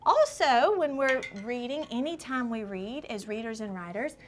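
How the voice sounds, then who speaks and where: A woman kindergarten teacher leading a shared reading lesson, patiently questioning children and sounding words out slowly. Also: on the high side. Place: classroom with young children. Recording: classroom recording with clear background noise.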